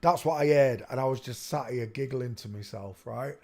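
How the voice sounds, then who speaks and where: A man reviews a video while giving rambling, casual commentary, musing aloud with frequent restarts and asides. His voice is medium in pitch and a little mellow, and he speaks at normal speed.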